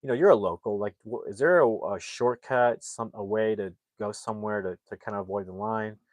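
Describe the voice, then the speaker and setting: Upbeat dad on a trip, played by a man retelling it, lowish voice, dry close sound. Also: brisk, no echo, lightly acted. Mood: coaxing.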